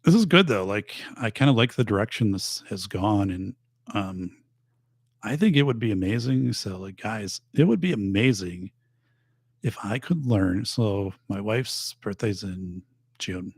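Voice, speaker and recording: A man's voice: fairly low pitch, expressive, unhurried, husky, dry recording. A middle-aged man hosting a podcast, chatting in a rambling way with many fillers, losing his voice and tired. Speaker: podcast host. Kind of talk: casual chat reading viewer comments. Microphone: studio microphone.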